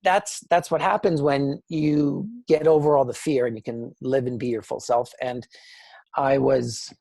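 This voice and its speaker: A Canadian man, an interview guest, telling personal stories in an animated way and acting out quoted dialogue. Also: mid-range voice, measured pace, vocal fry, dry recording, clean studio sound. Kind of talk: conversational storytelling.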